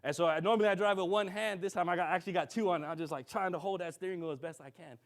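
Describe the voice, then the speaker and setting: A man preaching to a congregation. He tells a story with lively, acted-out dialogue and keeps checking in with his listeners. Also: high voice, very fast. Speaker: minister. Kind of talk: sermon storytelling.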